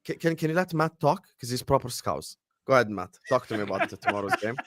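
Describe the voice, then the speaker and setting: A man's voice: mid-range voice, lively intonation, quick pace, fairly bright tone, no room sound, clean studio sound. Young man hosting a football show. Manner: banter-heavy, reads fan messages aloud. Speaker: podcast host. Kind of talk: casual football chat.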